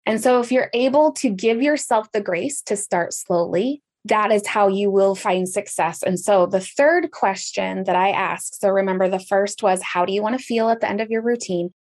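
A woman's voice: mid-range voice, moderate pace, hardly any pauses, a little mellow. A woman telling her story in a casual podcast conversation, with sudden jumps up in her voice for emphasis.

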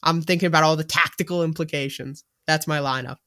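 A man co-hosting a casual sports podcast, who talks tactics in an animated, jokey way. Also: a little high, fast. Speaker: podcast co-host.

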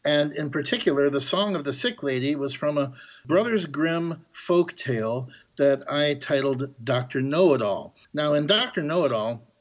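Animated storytelling man, composer guest. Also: fairly high pitch, normal speed, highs cut off. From Chicago area, US. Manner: animated storyteller, acts out quoted characters. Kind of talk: podcast interview, storytelling.

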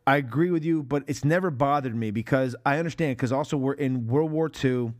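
A man speaks as a guest on a podcast in loose, casual conversation. He talks in an animated, emphatic way and drops casual swear words into his points. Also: mid-range voice, a little fast.

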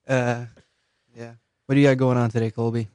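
A man co-hosting a casual radio show, teasing his partner with quick reactions and frequent laughs. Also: mid-range voice, darkish tone, smooth, no room sound, studio quality. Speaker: radio co-host. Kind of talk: casual comedic radio chat.

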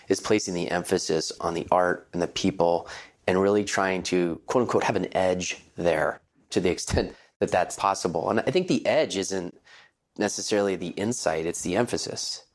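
A man with a very deep, low voice answers interview questions in a measured, earnest way. He thinks aloud and chooses his words with care. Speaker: guest, partner at his late father's investment firm.

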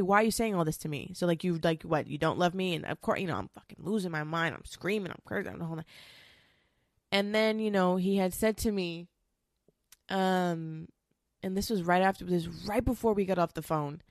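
Brief: woman vlogger, lowish voice, dry close sound, rambling emotional confessional storytelling, swears freely. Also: no room sound. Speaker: vlogger telling a personal story.

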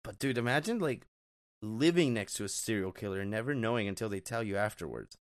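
A man's voice: lowish voice, expressive, fairly quick, no echo. Joking slangy man on a dry mic. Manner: joking, slangy, calls people bro. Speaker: podcast co-host. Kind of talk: casual podcast chat.

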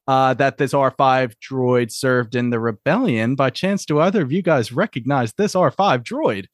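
A man's voice: medium pitch, normal speed, no room sound. A man talking through a favorite series with obvious enthusiasm, piling on lore details and little asides. His voice sits in a middle register and the sound is close and dry, with no room around it. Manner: enthusiastic, lore-explaining, animated quoting. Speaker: podcast host. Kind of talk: casual show recap chat.

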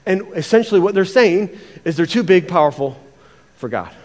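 Pastor, male, high voice; lively sermon with stammered repeats, long reverb. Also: moderate pace. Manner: animated, repeats words, acts out quotes.

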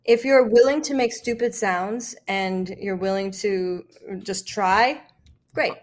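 A woman's voice: medium pitch, takes it slowly. A woman with an American accent coaching accents, encouraging and full of fillers like "um". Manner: encouraging, many fillers, laughs often. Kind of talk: coaching lesson conversation.

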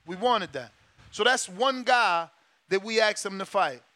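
High, bright-voiced man ranting. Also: lively intonation, unhurried, dry recording. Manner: emphatic, profane, repeats himself. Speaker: boxing show host. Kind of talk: casual talk show rant.

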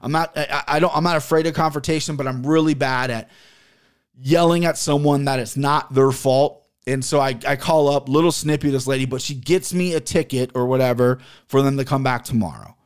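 A man's voice: mid-range voice, fairly even intonation, fairly quick, clear, resonant tone. A man hosting a podcast, telling a long exasperated story in a casual, profane way. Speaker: podcast host.

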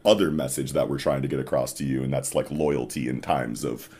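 Very deep-voiced young man, casual podcast talk. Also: fairly quick, slightly rough. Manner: enthusiastic, many "like" fillers, drops to a hushed low voice on serious points. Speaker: podcast co-host. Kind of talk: casual podcast chat about manga.

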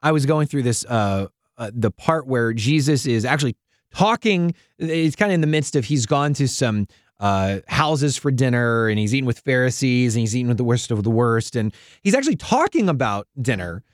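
Animated man telling stories. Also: medium pitch, moderate pace, no room sound, clean studio sound. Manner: animated storyteller, playful. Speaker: podcast host. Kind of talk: casual faith chat.

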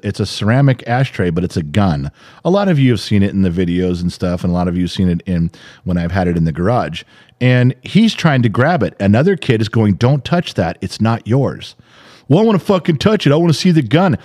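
A man's voice: fairly low pitch, darkish tone. A middle-aged man co-hosting a podcast, telling a story in casual chat, profane and exasperated, acting out what people said. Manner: profane, exasperated, acts out quotes. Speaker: podcast co-host.

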